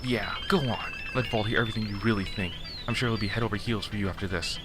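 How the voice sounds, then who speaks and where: Dude reading a bratty little schoolgirl, snappy and mocking, low voice, game music going. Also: brisk, natural voice. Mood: taunting. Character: small, brash, bratty teenage girl, Natsuki.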